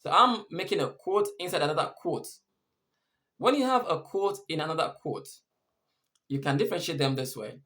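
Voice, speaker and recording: A man's voice: on the high side, expressive, moderate pace, bright, forceful tone. A man teaching English punctuation, patiently repeating and rephrasing each point. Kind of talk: explaining punctuation rules.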